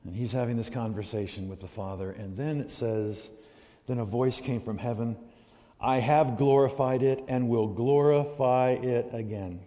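A man preaching a sermon as pastor, animated, swinging from loud emphasis to quiet asides. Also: mid-range voice, normal speed. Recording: long hall reverb.

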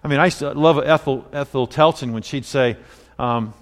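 A man's voice: mid-range voice, normal speed, long reverb tail. A man pastor giving a conversational sermon, mixing scripture with personal stories. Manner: conversational preaching with personal anecdotes.

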